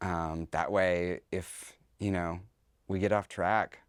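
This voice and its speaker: A man's voice: sits low, steady tone, slow pace, smooth, no echo. A man, a drag performer, talking candidly as a podcast guest and slipping into other people's voices while telling stories. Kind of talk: casual interview.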